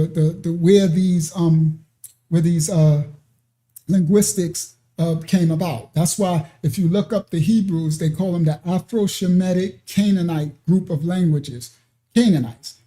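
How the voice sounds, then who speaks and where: An unhurried ministry teacher walks listeners through an informal scripture lesson, keeping a slow, steady pace. The tone is very dark and mellow. He often pauses to check in with "right?" and "okay?" and drifts into side paths with fillers and restarts. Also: mid-range voice. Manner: digressive, with many fillers and restarts.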